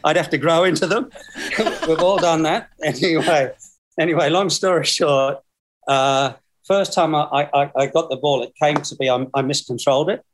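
A man's voice: on the high side, fairly even intonation, moderate pace. A man in his sixties with an Australian accent, a guest telling long, rambling stories and chuckling through them over a video call. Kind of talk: casual storytelling.

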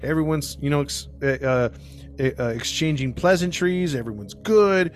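A man hosting a true crime podcast, telling the case in a casual, animated way and acting out what people said. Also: on the high side, normal speed, faint music behind. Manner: animated, acts out quoted people, laughs often. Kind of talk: casual storytelling.

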